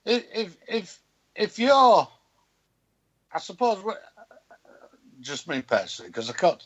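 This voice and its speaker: A man's voice: high voice, very animated, a little slow, a bit bright, dull audio. A man with a Hull accent in casual conversation, speaking bluntly and outspokenly. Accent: Hull, Yorkshire. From Hull, England. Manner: blunt, outspoken, swearing freely. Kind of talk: casual chat.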